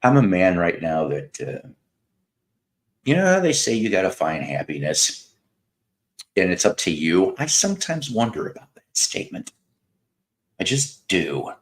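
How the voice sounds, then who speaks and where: Brief: fifties male livestream host, Mid-South American accent, very deep voice, rambling sardonic chat with viewers, unhurried delivery. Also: wildly swooping pitch. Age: 50s.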